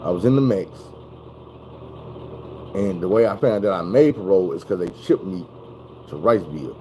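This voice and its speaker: A young man telling a story in a casual, animated, profane way. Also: deep voice, moderate pace, a little hiss or hum, rough recording. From Arkansas.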